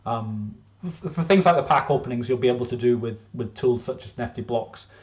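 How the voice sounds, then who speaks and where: A man's voice: medium pitch, brisk, a little mellow. Rambling man with a dull lo-fi sound. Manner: rambling, many fillers and restarts. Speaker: game developer presenting his game. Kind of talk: casual presentation.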